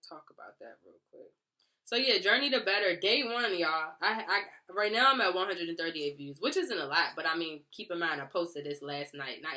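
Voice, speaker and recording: A woman's voice: on the low side, bright, forceful tone. A young woman talking earnestly to her viewers in a casual, heartfelt video diary, full of "like" and "y'all". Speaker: vlogger. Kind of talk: casual confessional vlog.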